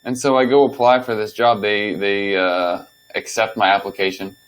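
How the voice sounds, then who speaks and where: A young man talks straight through a story on his own podcast, loose and unscripted. His voice sits a little low, and he swears freely as he acts out the lines he once spoke. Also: level tone, moderate pace, rough recording. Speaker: podcast host. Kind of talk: casual storytelling monologue.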